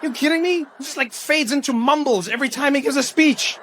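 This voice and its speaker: High-voiced, animated stand-up comic. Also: male voice, brisk, slight background noise. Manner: punchy, repeated refrains, animated. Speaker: stand-up comedian. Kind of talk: stand-up comedy.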